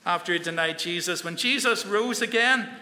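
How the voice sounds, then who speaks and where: A man tells a Bible story to a room of boys, stopping to ask them questions along the way. His voice is high and bright. The sound carries the long reverb of a large hall. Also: normal speed. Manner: storytelling, asks the listeners questions. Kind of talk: children's Bible talk.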